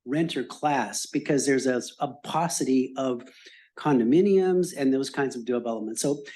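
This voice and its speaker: Halting man reading out questions. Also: mid-range voice, warm tone. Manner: hesitant, halting, with fillers. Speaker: moderator reading online questions. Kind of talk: public meeting Q&A. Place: city hall meeting room.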